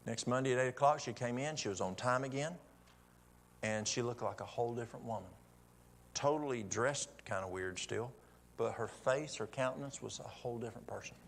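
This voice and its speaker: A man's voice: medium pitch, a little fast, creaky, a little hiss or hum. A man telling a folksy testimony story from the pulpit, acting out both sides of a conversation. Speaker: church speaker. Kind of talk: sermon storytelling.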